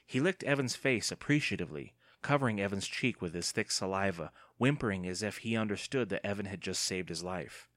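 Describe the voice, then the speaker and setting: A man narrating a children's story in an expressive storytelling manner. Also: sits low, a little fast, few pauses, no room sound, clean studio sound. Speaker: audiobook narrator. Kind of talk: scripted narration.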